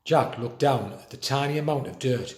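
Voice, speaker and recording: A man, a teacher, reading a children's book aloud with expressive storytelling in a school room. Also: medium pitch, moderate pace. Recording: roomy echo.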